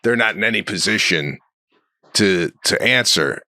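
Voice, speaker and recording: A middle-aged man co-hosting a comedy podcast, telling stories in a deadpan way and firing off incredulous questions. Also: lowish voice, measured pace, no room sound, studio quality. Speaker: podcast co-host. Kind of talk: casual comedic chat.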